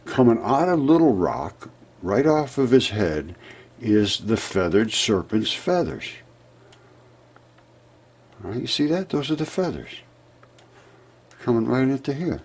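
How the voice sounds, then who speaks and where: Husky-voiced older man, insistent. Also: sing-song, unhurried, long pauses, a little mellow. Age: 70s. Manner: insistent, rebutting imagined objections; jumps up in pitch when pointing things out. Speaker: presenter of a fringe geology channel. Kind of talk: narrating over a map presentation.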